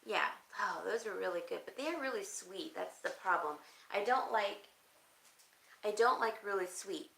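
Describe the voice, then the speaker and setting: A woman with a bright, clear tone chats casually on a live stream. She reads viewer comments aloud and thinks out loud, often pausing with an easy "um, let's see.". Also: mid-range voice, lively intonation, rough recording. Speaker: crafting channel host.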